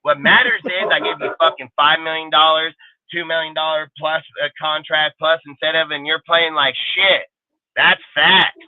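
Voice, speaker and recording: A man's voice: on the high side, no room sound. A man hosting a live sports show, ranting heatedly and swearing constantly. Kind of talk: live stream rant. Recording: tinny phone-like sound.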